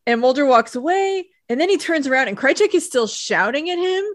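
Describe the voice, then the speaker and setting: A woman's voice: sits high, lively intonation, a little fast. A woman co-hosting a podcast, recapping a TV episode in an easygoing way with wry asides and frequent laughs. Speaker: podcast co-host. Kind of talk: casual chat recapping a TV episode.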